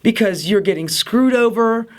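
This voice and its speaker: A woman's voice: on the high side, normal speed. A woman hosting a casual political commentary show, ranting in an exasperated, sarcastic way. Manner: exasperated, sarcastic, mocking impressions.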